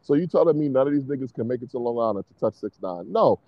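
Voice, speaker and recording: A man's voice: mid-range voice, lively intonation, fast, dry recording, lo-fi sound. A man arguing provocatively in a casual podcast chat, repeating his points with rising heat. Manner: provocative, heated, repetitive, laughs at own claims. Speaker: podcast co-host.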